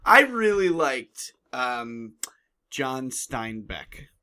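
A man's voice: medium pitch, sing-song, drawn-out words, pushed and bright, slight background noise. A young man co-hosting a comedy podcast, cracking goofy jokes in casual chat. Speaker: podcast co-host.

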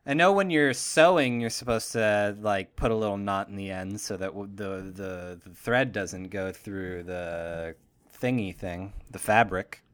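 A young man hosts a casual podcast with a bright, clear tone. He rambles and jokes as he talks, drifting from one thought to the next. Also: fairly low pitch, a little slow. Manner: joking, rambling, jumps into goofy voices. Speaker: podcast host.

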